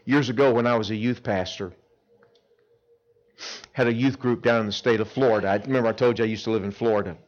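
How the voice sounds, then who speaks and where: A middle-aged man preaching a sermon to teenagers at a camp chapel, swinging between loud emphatic lines and hushed earnest ones. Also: mid-range voice, steady tone, fast talker, pauses often, highs cut off.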